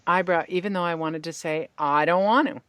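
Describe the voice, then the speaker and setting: A woman hosting a podcast as a tapping practitioner, calmly guiding her guest through tapping points and phrases to repeat. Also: on the low side, brisk, smooth, no room sound.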